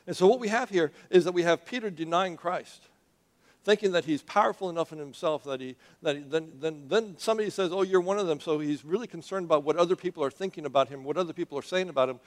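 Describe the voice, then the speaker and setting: A male preacher delivers a sermon in a church in a conversational, animated way. He questions his listeners directly as he tells the story. His voice sits somewhat high. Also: fast talker.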